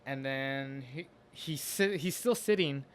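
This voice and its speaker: A man's voice: mid-range voice, a little hiss or hum. A man casually telling a story about something he went through, earnest and open, often stopping to restart his sentences. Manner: halting, with frequent restarts and fillers. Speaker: storyteller recounting a personal experience.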